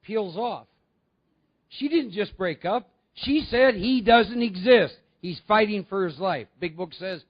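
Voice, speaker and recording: A man's voice: high-pitched, lively intonation, a little slow, dull audio. A man giving a conversational recovery talk to a meeting, often putting questions to his audience. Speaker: recovery speaker.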